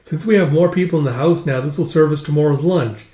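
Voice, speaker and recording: A calm, capable young wife explains plans in a practical, even way, as a man reads her part. The voice sits a little high. The recording has a roomy echo. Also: fast, lightly acted.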